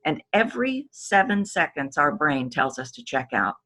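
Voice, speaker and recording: A woman vocal coach talking as a podcast guest, animated and emphatic, acting out the voices she describes. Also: low-pitched, moderate pace, hardly any pauses. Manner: animated, acts out voices to demonstrate; emphatic, drops volume to make a point. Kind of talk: podcast interview.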